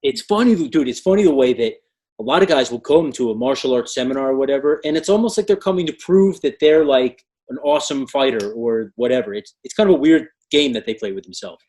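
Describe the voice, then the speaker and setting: Quick-talking male podcast host. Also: mid-range voice, animated, darkish tone. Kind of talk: casual podcast conversation.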